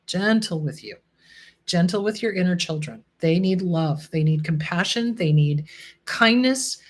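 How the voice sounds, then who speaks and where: A middle-aged woman therapist hosting her own show, talking casually and reassuringly to her viewers. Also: on the low side. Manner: warm, reassuring, addresses viewers as "my loves". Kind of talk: casual solo talk to viewers.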